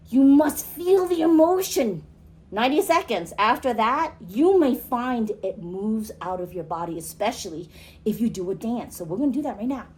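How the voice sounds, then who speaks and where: A woman hosting a podcast, talking casually and asking her listeners questions, and later leading a group through an animated guided exercise. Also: on the high side. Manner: chatty, asks the listener questions. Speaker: podcast host. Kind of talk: casual chat and recorded workshop talk.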